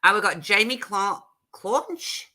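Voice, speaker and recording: A woman's voice: medium pitch, slow pace, sharp tone. An Australian woman hosting a casual craft livestream from her home craft room, chatting and greeting viewers one by one. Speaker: livestream host.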